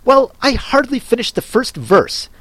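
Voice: medium pitch, very animated, measured pace, fairly bright tone, dry recording, voice pushed up. A reader voicing the Hatter, a fussy grown man who talks in a mournful, sighing way.

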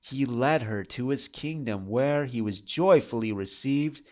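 A storyteller reading a fairy tale aloud in an expressive, unhurried manner. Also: medium pitch, highs cut off.

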